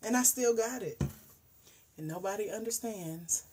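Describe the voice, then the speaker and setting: A woman, hosting a casual livestream chat, animated and talkative, dropping into hushed asides and rising into loud exclamations. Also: medium pitch, measured pace, noisy background. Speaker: host.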